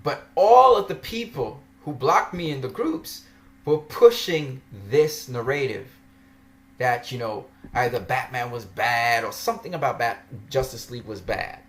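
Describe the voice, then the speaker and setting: A man's voice: medium pitch, lively intonation, measured pace, fairly bright tone. A man vlogging a ranting commentary, argumentative and mocking, laughing often as he makes his case.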